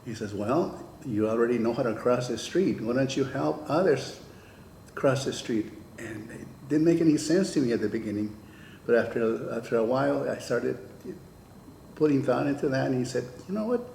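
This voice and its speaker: An older man with a gravelly, mellow voice recalls his teaching years in an unhurried oral history interview. He slips into the voices of the people in his stories as he goes. The room sounds echoey, with faint ambience behind him. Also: medium pitch, a little hiss or hum. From California. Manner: storytelling, acts out quoted dialogue. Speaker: retired teacher.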